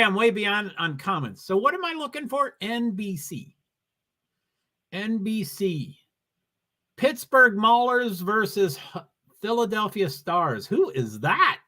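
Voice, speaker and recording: A man's voice: sits high, pushed and bright. A man with a New England accent hosting a casual livestream, rambling as he reads viewer comments and racing news aloud. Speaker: livestream host.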